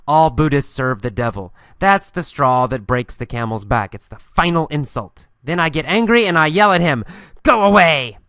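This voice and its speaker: Male English teacher, bright crisp voice, patient and repetitive, close dry mic. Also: a little high, dry recording. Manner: slow, patient, repeats key phrases and answers his own questions. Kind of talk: English listening lesson with questions and answers.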